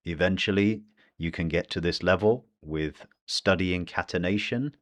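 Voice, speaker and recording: A man with a British accent teaching English pronunciation, slowly modelling phrases one by one. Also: deep voice. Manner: slow, deliberate modelling of phrases. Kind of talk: pronunciation lesson.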